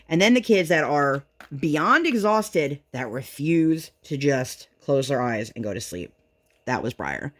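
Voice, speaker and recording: A woman chatting casually at home while she crafts, venting and telling her story in an animated way. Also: low voice, unhurried. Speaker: vlogger and mother.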